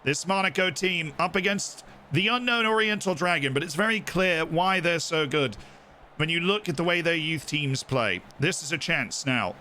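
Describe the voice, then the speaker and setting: A man putting on an English accent to play an excitable football commentator calling a youth final. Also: fairly high pitch, a little hiss or hum. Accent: put-on English. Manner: loud play-by-play calling, shouts at chances.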